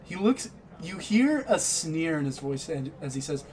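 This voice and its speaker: High-voiced man narrating a tabletop game. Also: very animated, unhurried, darkish tone. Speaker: game master.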